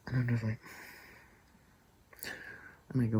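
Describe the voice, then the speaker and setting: A man's voice: on the low side, steady tone, normal speed, gravelly, pauses often, warm tone, slight background noise, rough recording. A man telling a story to camera in a casual, rambling way, with hesitations and asides. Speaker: vlogger.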